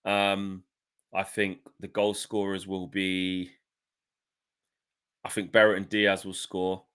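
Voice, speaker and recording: A man chatting casually as a football fan pundit, animated, swearing and acting out his friends' voices. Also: low voice, slow pace, clear, resonant tone.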